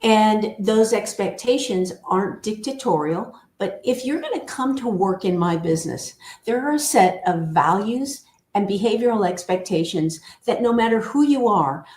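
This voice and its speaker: Woman in her sixties, culture coach guest; measured, deliberate delivery; roomy echo. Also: mid-range voice, expressive, a little mellow. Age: older. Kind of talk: conversational interview. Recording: echoey room.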